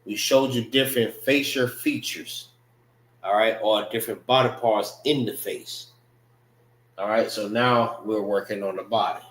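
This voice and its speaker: A man's voice: lowish voice, fairly even intonation, measured pace, fairly bright tone, slight background noise. A man teaching a language class, drilling pronunciation syllable by syllable in a loose, conversational way. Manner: loose, conversational phrasing with frequent "know what I mean". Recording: roomy echo.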